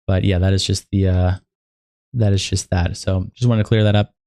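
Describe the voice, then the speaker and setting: A man's voice: deep voice, level tone, moderate pace, mellow, no echo, clean studio sound. A young man hosting a livestream in a loose, casual way, cursing freely as he catches viewers up on progress. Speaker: livestream host.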